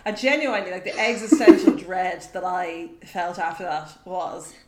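A woman's voice: lowish voice, normal speed, very noisy. Woman co-host chatting away, storytelling, laughs a lot, echoey room. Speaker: podcast co-host. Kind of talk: casual chat.

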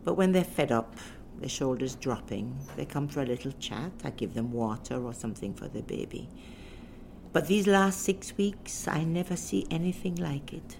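Middle-aged bereavement officer, deep gravelly voice, animated delivery, faint background hiss. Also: female voice, normal speed. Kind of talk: documentary interview testimony.

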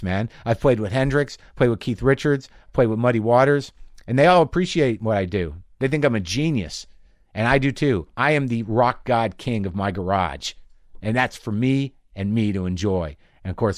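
A middle-aged man hosting a podcast from his garage, telling rambling stories in an animated way, swearing freely. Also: lowish voice, dry recording, clean studio sound. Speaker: podcast host. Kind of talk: casual monologue. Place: home garage.

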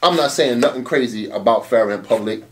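A man who runs a battle rap league, telling stories in a casual interview, animated and swearing often. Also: mid-range voice, fast talker, recorded from a distance. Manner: animated storytelling, frequent swearing and "you know what I'm saying".

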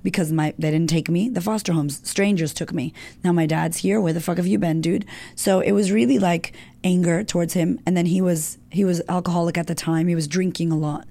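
Frank woman with a dark gravelly voice. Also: on the low side, fairly even intonation, a little fast, hardly any pauses. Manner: frank and emotional, swears freely. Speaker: guest. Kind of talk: candid personal storytelling.

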